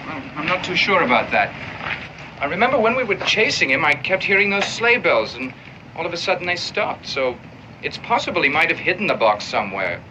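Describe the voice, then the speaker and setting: A dutiful army corporal. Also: male voice, a little high, very animated, a little fast. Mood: deferential. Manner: deferential to superiors, gruff with civilians. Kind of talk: 1960s television drama acting. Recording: dull old TV soundtrack with background noise.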